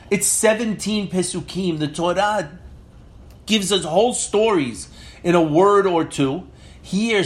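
A man with a high voice leads a Torah class lecture. He reads Hebrew verses aloud and then explains them in English. He retells the commentary dramatically, pressing questions as he goes. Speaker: Torah teacher.

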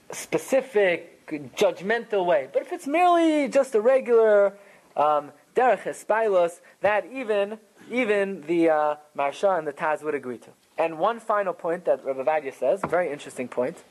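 A man giving a Talmud class lecture, explaining rulings in a conversational, animated way. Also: high-pitched, moderate pace, poor audio. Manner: animated, conversational explaining with Hebrew and Yiddish terms. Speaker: Torah teacher.

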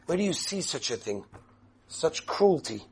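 A man giving an impassioned sermon in a study hall, speaking with emphatic, dramatic pauses. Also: fairly high pitch, very animated, darkish tone.

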